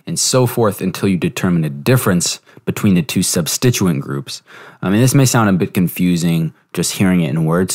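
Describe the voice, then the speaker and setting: A young man hosting a podcast, giving a relaxed, explanatory review lesson with fillers and self-corrections. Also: low-pitched. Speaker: podcast host teaching exam prep. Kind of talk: casual spoken review lesson.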